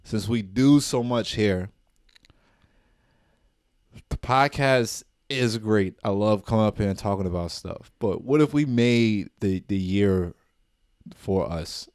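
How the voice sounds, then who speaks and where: Low-voiced man in casual podcast banter. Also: slow, pauses often, no echo, studio quality. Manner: laughing, relaxed banter. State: out of breath, sweating. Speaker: podcast co-host. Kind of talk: casual chat.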